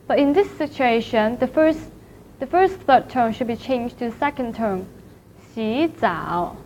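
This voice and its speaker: Slow high-voiced woman teaching tones. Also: darkish tone. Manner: careful, demonstrates tones by exaggerating pitch. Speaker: Chinese language teacher. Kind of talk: slow, clear classroom lecture. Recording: slightly dull lo-fi audio with faint noise.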